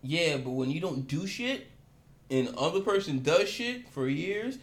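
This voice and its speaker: A man in casual group chat, blunt and profane, ranting with quick jokes. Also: a little high, lively intonation.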